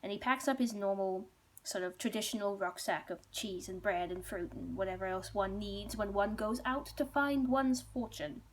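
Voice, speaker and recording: A woman's voice: mid-range voice, moderate pace, slight background noise. A woman storyteller retelling a folk tale casually, chatty and rambling, with many asides.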